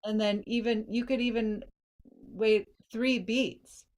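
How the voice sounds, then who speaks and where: Woman, songwriting coach, slightly high voice, casual feedback, sings bits of lyrics, slight frog in throat. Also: steady tone, slow, a little mellow. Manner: thinks aloud, sings lines to demonstrate phrasing.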